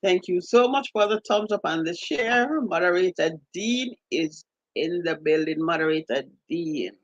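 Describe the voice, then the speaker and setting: A woman's voice: on the low side, lively intonation, a little slow, dry recording, muffled recording. A woman with a Jamaican accent hosting a live stream, reading out viewer comments and greeting each viewer by name. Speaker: livestream host.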